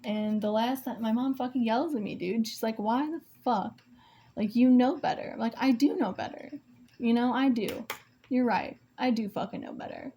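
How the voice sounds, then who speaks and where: In this casual vlog, a young mother vents about co-parenting while she paints, her voice fairly high, mellow, and at a normal speed. She's emotional and rambling, swears often, and keeps restarting her sentences. There's a little hiss or hum in the recording.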